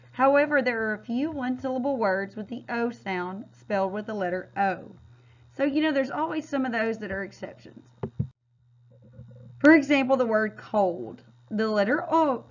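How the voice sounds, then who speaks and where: A woman teacher giving a recorded phonics lesson, modeling words clearly and patiently. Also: on the high side. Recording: dull, lo-fi sound.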